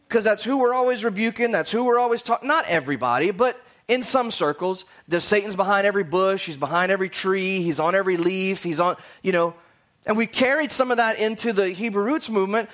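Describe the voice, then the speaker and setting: High-voiced man preaching casually. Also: a bit bright. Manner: conversational, rambling, jokey asides. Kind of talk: casual sermon teaching.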